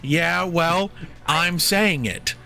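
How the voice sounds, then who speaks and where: Reviewing a film on the podcast he co-hosts, a young man chats casually in a rambling, joking, foul-mouthed way. His voice is a little high, creaky, bright, and forceful, and he draws out his words.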